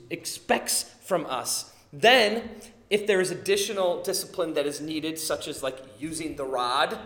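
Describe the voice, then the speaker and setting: A man in his thirties preaches in an echoey church hall, his voice bright and forceful. He slips into animated storytelling and acts out the lines of the people he quotes. His pitch sits a little high for a man. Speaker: pastor. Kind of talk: sermon.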